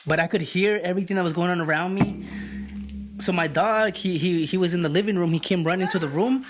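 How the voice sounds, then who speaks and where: A man telling a story among friends in casual chat, animated and swearing freely as he acts out what people said. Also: sits high, fairly quick. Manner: animated, heavy swearing, retells dialogue. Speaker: podcast co-host.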